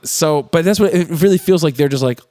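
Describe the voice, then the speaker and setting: A man's voice: a little fast, no room sound, studio quality. A man co-hosting a podcast, chatting casually as he recaps a film and acts out the characters' lines with laughter. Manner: animated, acts out quoted lines with big pitch jumps and laughs. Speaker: podcast co-host.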